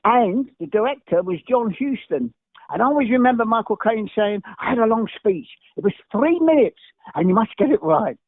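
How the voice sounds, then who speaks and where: A guest, an older man from England, rattles off anecdotes rapidly, hopping from one story to another and stumbling into restarts. He has a high voice with no room sound, heard over a dry, tinny, phone-like line.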